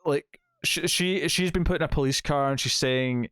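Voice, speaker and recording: A man co-hosting a podcast casually retells a comic's story in a fairly bright, clean voice on the high side, speaking at normal speed. He's chatty, performs the quotes, and leans on many fillers. The studio-quality recording has no room sound.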